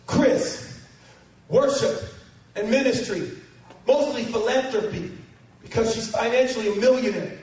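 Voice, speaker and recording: High-pitched preacher guy, animated, yelling bits, dull muffled sound in a huge echoey hall. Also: recorded from a distance. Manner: animated, breaks into shouting and snatches of song. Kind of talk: storytelling sermon. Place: large church hall with congregation.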